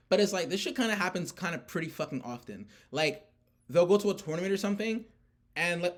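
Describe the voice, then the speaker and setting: A man's voice: a little high, expressive, fast. Rambling, cussing young man. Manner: rambling, heavy swearing, filler-laden. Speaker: player recounting a card tournament. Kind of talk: casual rant.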